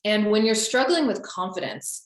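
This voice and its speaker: A woman's voice: medium pitch, animated, normal speed. Chatty woman coach in an echoey room. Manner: chatty, lots of fillers like "um" and "like". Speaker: confidence coach. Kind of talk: casual spoken teaching.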